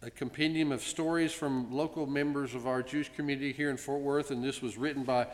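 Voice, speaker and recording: A man speaking as congregation president, giving a ceremonial presentation speech with gentle jokes and frequent pauses, in a synagogue sanctuary. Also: mid-range voice, steady tone. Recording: long reverb in a large sanctuary.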